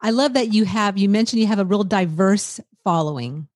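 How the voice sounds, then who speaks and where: A woman's voice: mid-range voice, no room sound, clean studio sound. A woman hosting a casual interview, affirming her guest and asking easy follow-up questions. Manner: warmly encouraging, quick affirmations and laughs. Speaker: podcast host.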